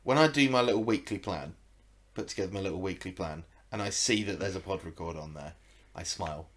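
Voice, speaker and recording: A man's voice: low-pitched, a little fast, fairly bright tone. A British man co-hosting a podcast, chatting in a rambling, laughing way. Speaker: podcast co-host. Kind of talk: casual chat.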